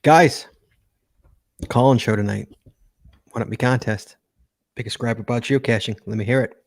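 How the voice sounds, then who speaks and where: A man's voice: mid-range voice, fairly even intonation, moderate pace, vocal fry, dry recording. A man hosting a live call-in podcast, upbeat and chatty, repeating himself as he hypes up callers. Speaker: podcast host.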